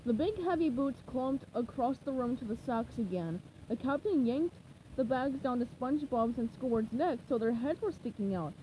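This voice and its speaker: A woman reading a children's chapter book aloud in a lively, expressive way. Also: on the high side, normal speed, slight background noise, poor audio. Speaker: storybook reader.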